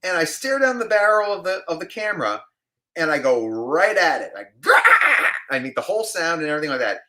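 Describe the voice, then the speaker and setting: A man from New York, an actor, telling an animated story in a casual interview and acting out the people in it. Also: on the high side, fast. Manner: animated storyteller, acts out other people's voices.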